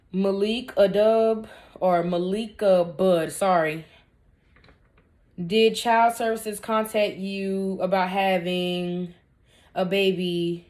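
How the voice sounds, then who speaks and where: A woman's voice: medium pitch, a little mellow. A woman in her twenties, a vlogger answering viewer questions in a casual storytime Q&A, candid and emphatic, with blunt talk and joking asides. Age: 20s.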